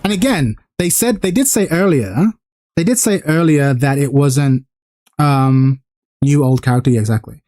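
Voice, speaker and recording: A man streaming a casual reaction to a game trailer, excited and profane, rising higher and louder as he gets hyped. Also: moderate pace.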